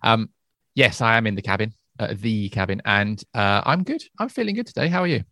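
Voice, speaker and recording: A man co-hosting a podcast in relaxed, rambling casual chat. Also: medium pitch, brisk, gravelly, no echo, studio quality. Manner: relaxed, rambling, with soft laughs. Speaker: podcast co-host.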